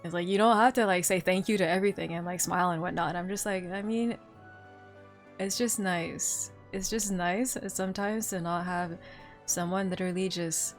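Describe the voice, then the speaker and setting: Woman streamer, young adult, lowish voice, animated casual chat, faint music behind. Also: moderate pace. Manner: animated storytelling with frequent laughs and filler words.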